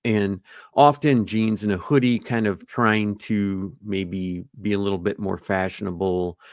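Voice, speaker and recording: A man co-hosting a podcast in relaxed, casual chat, now and then acting out quoted lines. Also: lowish voice, a little slow, no echo, studio quality. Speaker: podcast co-host.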